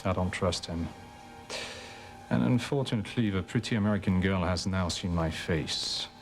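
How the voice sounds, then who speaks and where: An actor playing a ruthless male drug-smuggling boss in a soap opera, with a cold, commanding manner, over soft music. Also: low-pitched, normal speed. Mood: menacing. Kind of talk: 1990s soap opera acting.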